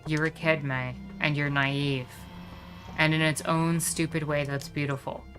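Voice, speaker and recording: A woman voicing a stern, weary female cop from a video game, speaking slowly in low, grave warnings. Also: level tone, fairly bright tone, faint music behind. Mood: grim warning.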